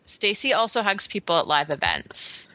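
A woman's voice: mid-range voice, wildly swooping pitch, moderate pace, sharp tone, lo-fi sound, slight background noise. A woman co-hosting a podcast in casual chat, talking freely with many fillers and laughs. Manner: chatty, laughing, lots of fillers. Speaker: podcast co-host.

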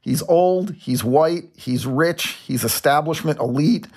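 A man's voice: a little high, a little slow, a little mellow. A man co-hosting a sports podcast, making pointed, argumentative points in casual chat. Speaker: podcast co-host.

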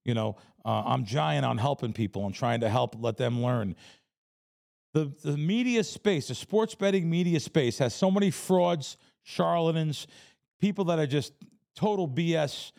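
This Bronx man, a professional sports bettor, speaks a little slowly in a creaky voice on the high side. In a casual interview he tells blunt, animated stories.

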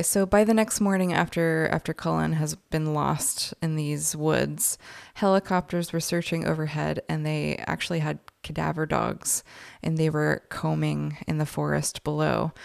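A woman with a deep, gravelly but smooth voice tells a true-crime case to her co-hosts. She talks in a loose, chatty way, often saying "like". The sound is dry and close. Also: darkish tone, no room sound. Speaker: podcast co-host. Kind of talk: casual true-crime storytelling.

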